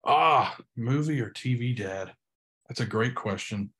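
A young man, a pastor and podcast guest, talking earnestly in casual interview chat, halting with frequent restarts. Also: mid-range voice, fairly bright tone.

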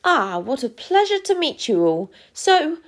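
A sleepy, friendly male dinosaur creature from a storybook, as a woman narrator puts him on. He drawls his words slowly, in a voice pitched on the high side. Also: sing-song, exaggerated voice. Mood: drowsy, friendly. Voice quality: slow, drawn-out delivery.

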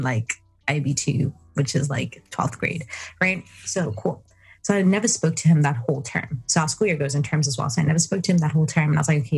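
A young woman from South Africa hosts a casual podcast, telling a personal story with animated, giggly energy. Her voice is very husky and breathy, a little low for a woman. Faint music plays behind her. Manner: animated, giggly, acting out her own past thoughts. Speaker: podcast host.

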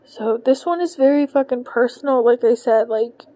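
A woman in her thirties talks from her bed, pouring out her frustration in a raw personal monologue and swearing freely. Her voice sits fairly high and she sounds on the edge of tears throughout. The recording is dry and close, with no room sound. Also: moderate pace, dark tone, no room sound. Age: 30s. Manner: emotional, swears constantly, frustrated. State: on the verge of tears. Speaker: podcast host. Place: in bed at home.

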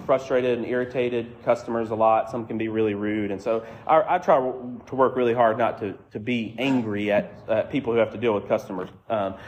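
A man's voice: mid-range voice, steady tone, a little fast, few pauses, lo-fi sound. A man preaching a sermon as a conversational, self-deprecating story. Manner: conversational, self-deprecating, acts out quoted voices. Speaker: pastor.

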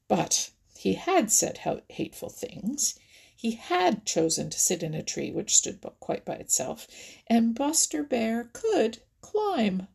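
A woman narrating a children's animal story in a gentle storybook manner, often dropping to a whisper. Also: a little high, big pitch swings, slow pace, creaky, slightly rough.

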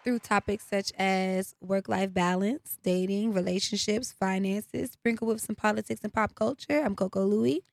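A woman's voice: mid-range voice, fairly even intonation, normal speed, gravelly, few pauses, no echo. A woman co-hosting a podcast, talking in a laid-back, drawling casual chat and saying "y'all" and "child". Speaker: podcast co-host.

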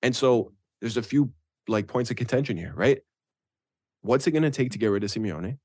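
A man co-hosting a casual football podcast, opinionated and animated, often checking in with "right?". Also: mid-range voice, fairly quick, slightly rough, no room sound, studio quality. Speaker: podcast co-host. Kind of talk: casual sports chat.

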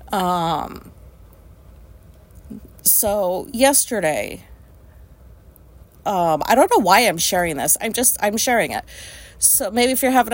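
A woman hosting a podcast, telling a casual story in a rambling way, with lots of fillers and free swearing. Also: mid-range voice. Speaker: podcast host.

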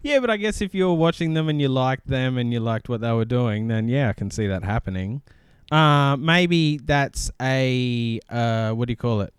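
A man co-hosting a casual podcast, easygoing and quick to laugh. His voice comes through smooth and clear, recorded close and dry with no room sound. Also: medium pitch, no room sound. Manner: jokey, laughs often, agreeable. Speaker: podcast co-host. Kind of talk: casual chat.

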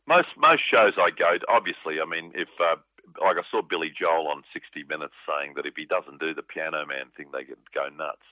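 A plain-spoken man of forty with a deep voice, rambling through a casual interview as a comedian guest. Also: brisk, dry recording. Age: 40s. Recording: tinny dry phone line.

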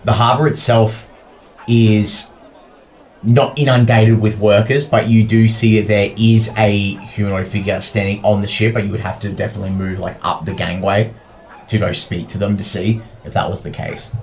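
Lower-voiced man narrating as dungeon master. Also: flat delivery, moderate pace, a little mellow. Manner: loose, rambling narration full of fillers. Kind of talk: narrating a tabletop game.

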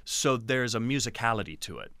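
A man who directs and teaches acting, giving animated, explanatory answers in an interview. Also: medium pitch, fairly quick, dry recording.

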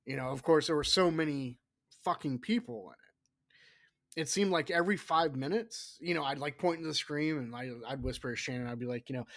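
A middle-aged man hosting a casual solo horror podcast, rambling and profane, dropping into hushed whispers for asides. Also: fairly high pitch, moderate pace. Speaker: podcast host.

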